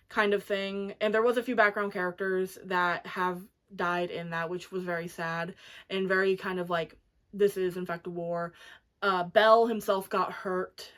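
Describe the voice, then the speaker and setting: A woman's voice: medium pitch, fairly bright tone. Chatty woman reviewing a book. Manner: chatty and enthusiastic, many "like" fillers. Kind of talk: casual book review chat.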